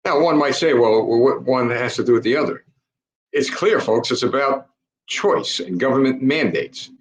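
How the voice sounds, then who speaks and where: A man's voice: medium pitch, lively intonation, moderate pace, roomy sound, poor audio. An older man giving an impassioned political monologue, emphatic and repeatedly calling his listeners folks. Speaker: political commentator.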